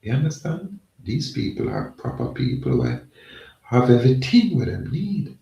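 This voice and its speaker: A man's voice: medium pitch, wildly swooping pitch, moderate pace, vocal fry, warm tone. A man talking in a rambling, emphatic casual monologue, repeating himself. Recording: echoey, from far off the mic.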